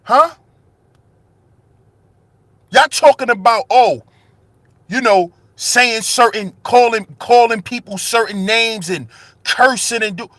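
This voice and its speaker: A man's voice: very high voice, slow, pauses often, fairly bright tone, no room sound. A man hosting his own channel, delivering an impassioned monologue with rhetorical questions and repeated phrases, raising his voice with passion. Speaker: commentary channel host.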